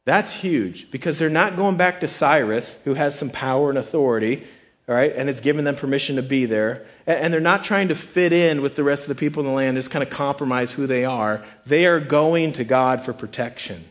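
A man's voice: medium pitch, fairly quick. A man preaching a sermon in a conversational way, often restarting words and acting out quoted thoughts. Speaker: pastor.

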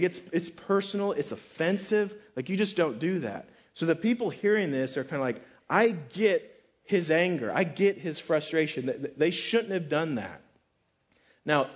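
A man preaching a relaxed, conversational sermon on a Bible passage, joking and saying "like" often. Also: on the high side, husky. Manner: relaxed and joking, heavy use of "like". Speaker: pastor teaching a Bible passage.

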